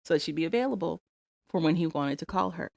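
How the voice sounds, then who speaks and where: Woman, low-pitched, dry close sound, sarcastic, opinionated podcast chat. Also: expressive, fast talker, gravelly, no echo. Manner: opinionated, sarcastic, laughs often. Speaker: podcast co-host. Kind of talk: casual chat recapping reality TV.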